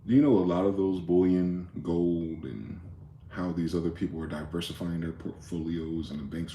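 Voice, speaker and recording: Deep mellow guy rambling and cussing through a late-night talk, echoey room. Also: steady tone, fairly quick, slight background noise. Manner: profane, rambling, conspiratorial. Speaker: host.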